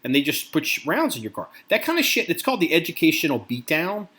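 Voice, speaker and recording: A man's voice: a little high, fast talker. A man co-hosting a casual podcast, talking with a lot of swearing and acting out angry quotes. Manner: profane, animated, acts out angry quotes. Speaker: podcast co-host.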